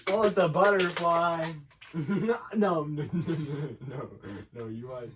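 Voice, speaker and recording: A man's voice: a little high, slow pace, background noise. A young man co-hosting a casual podcast, giggly, teasing and rambling. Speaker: podcast co-host. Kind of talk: casual chat.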